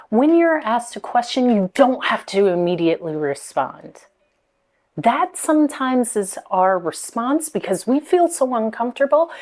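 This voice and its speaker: A woman speaking coach giving motivational speaking tips, deliberate, pausing often and repeating key words. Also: mid-range voice, darkish tone.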